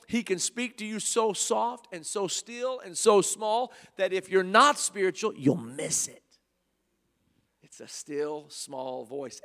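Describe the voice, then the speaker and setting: Fervent high-voiced male preacher. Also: slow pace. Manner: swings between loud fervor and hushed softness, repetitive. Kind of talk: sermon. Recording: long hall reverb.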